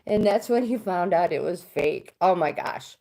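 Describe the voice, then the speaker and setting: A woman's voice: on the low side, lively intonation, moderate pace, gravelly, warm tone. Middle-aged woman, chatty livestream host reading cards, casual. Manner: chatty, reads viewer comments aloud. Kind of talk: casual live chat.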